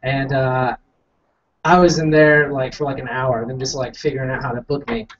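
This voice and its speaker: A man's voice: medium pitch, little pitch movement, moderate pace, slight background noise. Young man telling a rambling stand-up story. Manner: rambling, self-mocking, acts out quotes. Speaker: stand-up comic. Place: small coffee house stage. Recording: distant, dull lo-fi room recording.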